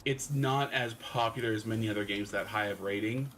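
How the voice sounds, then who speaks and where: A man's voice: on the low side, a little fast, a bit bright, a little hiss or hum. A man chatting on a gaming stream, reading chat messages aloud and explaining things in detail.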